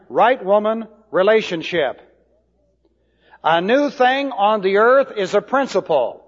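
A man teaching a sermon, slow and deliberate, spelling out Hebrew words letter by letter. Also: high-pitched. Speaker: Bible teacher. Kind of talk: expository sermon. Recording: dull lo-fi hall recording.

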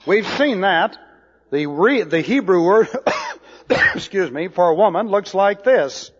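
A man teaching a sermon, slow and deliberate, spelling out Hebrew words letter by letter. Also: high-pitched, animated, slightly rough. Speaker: Bible teacher. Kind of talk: expository sermon. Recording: dull lo-fi hall recording.

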